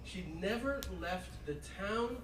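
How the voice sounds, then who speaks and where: Brash male stand-up comic, lively pitch. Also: takes it slowly, far from the mic, background noise. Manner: brash, mock-outraged, swears freely. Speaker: stand-up comedian. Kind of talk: stand-up comedy set. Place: stage before a live audience. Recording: echoey stage audio heard from afar.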